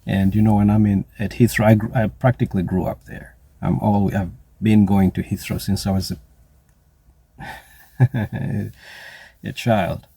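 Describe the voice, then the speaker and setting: A man giving a deliberate spoken commentary that slides into drawn-out mocking asides. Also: on the low side, little pitch movement, vocal fry, dark tone, slightly rough. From South Africa. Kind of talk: spoken social commentary monologue.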